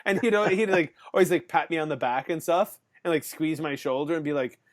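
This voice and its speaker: A man with a slightly high voice hosts a podcast in loose casual chat. He rambles through stories, leans on fillers and keeps breaking into laughs. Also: brisk. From Canada. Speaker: podcast host.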